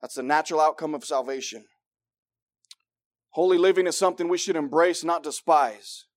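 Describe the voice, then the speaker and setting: A man preaching a sermon, swinging from loud excited bursts to hushed low passages and acting out voices as he reads and explains scripture. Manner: acts out voices of God and believers.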